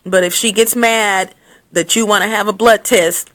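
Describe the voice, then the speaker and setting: A woman's voice: medium pitch, steady tone, normal speed, a bit bright. A woman vlogging blunt advice to camera in a casual, scolding way, recorded on her phone. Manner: blunt, scolding, with laughs and restarts. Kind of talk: casual unscripted rant to camera.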